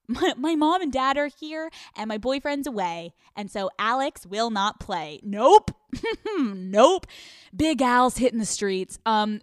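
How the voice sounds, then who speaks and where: A woman's voice: mid-range voice, no room sound. Young woman podcast host, brash and profane, mid-range voice, dry booth sound. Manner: brash, profane, swings between loud and hushed. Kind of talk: solo podcast monologue.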